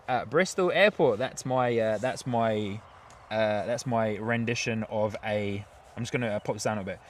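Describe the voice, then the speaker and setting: A man's voice: fairly low pitch, normal speed. Chatty English man streaming outdoors. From England. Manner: chatty, laughs often, many fillers and restarts. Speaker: live stream host. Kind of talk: live plane-spotting stream, reading chat. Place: outdoors at an airport, light rain. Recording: outdoor stream with faint background noise. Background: faint outdoor and vehicle noise.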